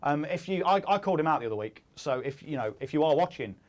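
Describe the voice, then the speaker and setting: A man's voice: a little high, animated, fast. A man in his thirties hosting a casual studio chat, joking and rambling, often laughing at his own lines. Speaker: host.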